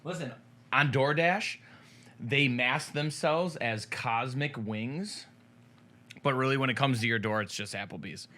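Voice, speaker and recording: A man hosting a live talk show about sports cards, loud and excitable, with shouted bursts of energy. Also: mid-range voice, measured pace. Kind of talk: hyped live-stream banter.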